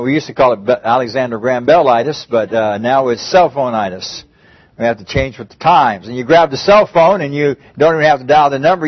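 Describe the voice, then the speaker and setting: A man's voice: medium pitch, no echo. A man preaching a sermon in a conversational way, restarting phrases and lifting his voice on emphatic pleas, recorded with a dull, muffled sound. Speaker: pastor.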